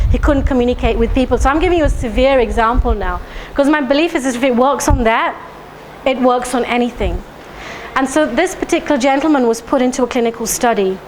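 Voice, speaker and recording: A woman's voice: a little high, a little hiss or hum, low-quality recording. A woman speaking to a live audience, asking them questions and leading them through guided tapping phrases. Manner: engaging, asks the audience questions. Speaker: speaker leading a health talk. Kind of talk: public talk to a live audience. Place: lecture room with an audience.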